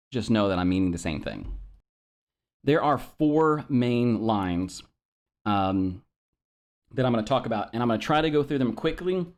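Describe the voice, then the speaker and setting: A man giving a casual chess opening lesson, hesitant and full of ums and self-corrections, apologizing for his pronunciation. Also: fairly low pitch. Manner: self-deprecating about pronunciation. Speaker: chess instructor.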